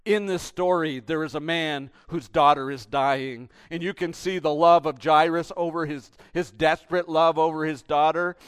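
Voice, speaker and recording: A man, a pastor, preaches a sermon animatedly, swinging between emphatic bursts and hushed, intimate appeals. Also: fairly high pitch, clear, resonant tone.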